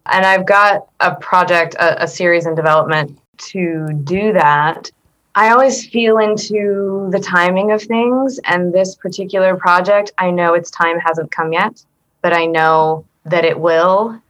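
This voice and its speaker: An earnest woman guest with a lowish voice takes her time, speaking unhurriedly in a reflective interview. Thoughtful by nature, this accent performer restarts often and laughs softly.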